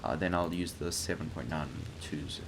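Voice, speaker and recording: A man's voice: a bass voice, steady tone, moderate pace. A young man giving hesitant, rambling commentary over his flight game footage, with many fillers. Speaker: gaming channel host. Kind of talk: gameplay commentary. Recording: background game noise.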